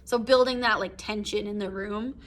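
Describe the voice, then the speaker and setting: A woman's voice: medium pitch, fairly even intonation, normal speed. A woman teacher reading a short story aloud and explaining it in a casual recorded lesson, with many fillers. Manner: reads passages aloud then explains them with fillers like "um", "like" and "right?". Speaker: English teacher.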